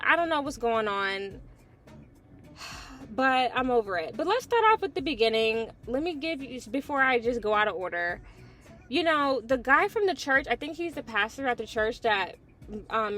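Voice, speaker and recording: A woman's voice: a little high, bright, forceful tone. A woman hosting a casual TV episode review, blunt and opinionated, swearing freely. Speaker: TV review host.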